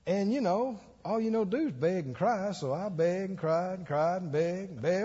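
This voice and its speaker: A preacher delivers his sermon in a high, slightly husky voice, acting out the people in his stories. The recording is muffled, and a long echo hangs in the church hall. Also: a little fast, hardly any pauses. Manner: animated storytelling with acted-out quotes and laughter. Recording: dull echoey church hall.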